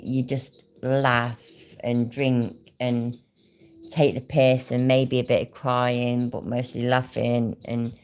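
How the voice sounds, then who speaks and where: Very deep-voiced woman, swearing. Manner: swearing, chatty, laughs often. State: drinking while talking. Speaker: livestream host. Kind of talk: casual chat.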